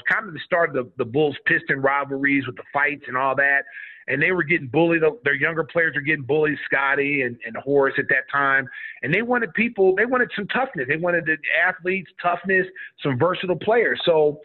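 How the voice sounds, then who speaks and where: A middle-aged man from Oklahoma telling a story in a casual interview, acting out what people said in a raised voice. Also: on the high side. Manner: animated storyteller who acts out quotes in a raised voice. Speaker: guest, former basketball player. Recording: tinny phone-like line.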